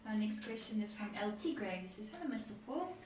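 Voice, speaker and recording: A woman's voice: medium pitch, expressive, brisk, heavy reverb, recorded from a distance, a crowd in the background, poor audio. A woman reading viewers' questions aloud on a live advice show, with small hesitations.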